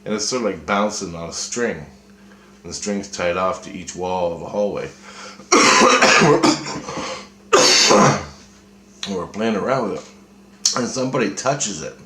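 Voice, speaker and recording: This man's low-pitched voice has lively intonation and a sharp tone, moving a little slowly with frequent pauses. He's loosely retelling a dream, swearing and rambling and starting over often, in an echoey room with some faint noise.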